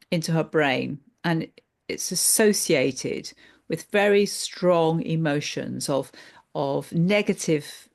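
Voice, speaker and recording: A woman therapist walks through a therapy technique with examples, speaking in a measured, hesitant way with plenty of fillers. Her voice is low and has a gravelly texture.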